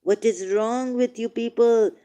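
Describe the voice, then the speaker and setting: A woman hosting a casual livestream, reading scripture passages aloud and commenting on them emotionally, swinging from quiet musing to emphatic outbursts. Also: fairly high pitch, steady tone, measured pace. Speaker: online talk host.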